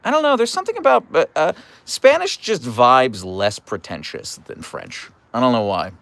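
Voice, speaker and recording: A young man hosting a casual live stream and answering chat in a playful, animated way, with mock outrage and stammered restarts. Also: medium pitch, normal speed, creaky, no room sound. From United States. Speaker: livestream host reading chat.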